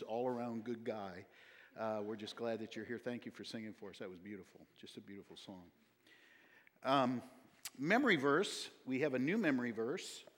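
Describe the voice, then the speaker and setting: A man serving as pastor, giving a chatty, folksy sermon with announcements and lots of fillers. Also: medium pitch. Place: church sanctuary. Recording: long church hall reverb.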